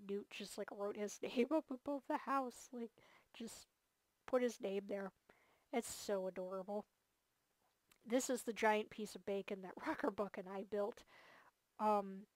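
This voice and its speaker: A woman narrates a casual gameplay tour, gushing about everything she sees and stacking up fillers as she goes. Her voice sits at a middle pitch and sounds tired. The close mic gives a dry, dead sound with no room around it. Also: darkish tone, no room sound. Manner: enthusiastic and gushing, many fillers. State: tired, yawning. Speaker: host of a multiplayer game series.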